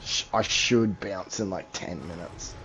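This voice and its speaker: Crude low-voiced guy gaming. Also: unhurried, background noise. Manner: crude, slangy, swears a lot. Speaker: gamer. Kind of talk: casual chat while gaming. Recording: dull low-fi home mic.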